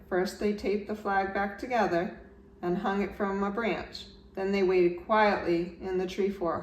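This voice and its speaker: A woman, a teacher, reading a children's storybook aloud with gentle, expressive narration. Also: mid-range voice. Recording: roomy echo, slightly distant mic, faint background noise.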